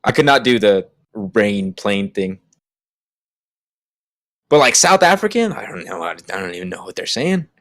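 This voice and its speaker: A man with a lowish voice chats loosely on a podcast, circling through his thoughts with plenty of "like" and "you know." The sound is dry and close, with no room echo. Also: very animated, moderate pace, pauses often, a bit bright. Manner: rambling, with many fillers and restarts. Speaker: podcast co-host. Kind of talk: casual chat.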